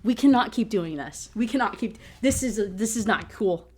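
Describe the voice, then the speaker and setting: A woman's voice: a little high, expressive, moderate pace, darkish tone. A woman ranting through a book review in a casual, profane, exasperated way.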